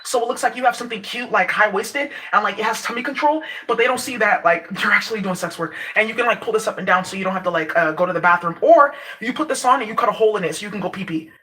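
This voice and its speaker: Brash profane woman, bright voice. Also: medium pitch, fast, few pauses. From Nigeria. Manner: brash, profane, laughs a lot. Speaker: vlogger. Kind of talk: casual rant to camera.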